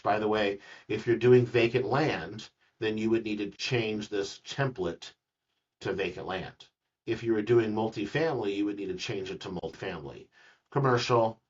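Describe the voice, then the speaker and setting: A man with a low, slightly husky voice leads a relaxed, joking real estate lesson for a colleague, often repeating his words as he explains. He sits at some distance from the mic. The recording sounds dull and muffled. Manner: chatty, jokey asides, repeats words. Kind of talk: casual screen-recorded tutorial. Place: office room with a colleague.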